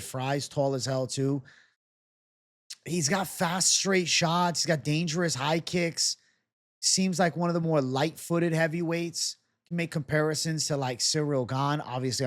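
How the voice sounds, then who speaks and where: Young dude doing fight picks and betting odds, kinda high voice, loose and chatty, cusses a bit. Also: male voice. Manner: casual, fast-talking, swears and jokes. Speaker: MMA betting analyst. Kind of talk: solo prediction breakdown.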